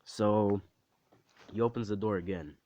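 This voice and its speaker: A man casually improvising a fan story, rambling with fillers and asides to the listener, in a low voice. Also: fairly even intonation, measured pace, mellow, dull audio.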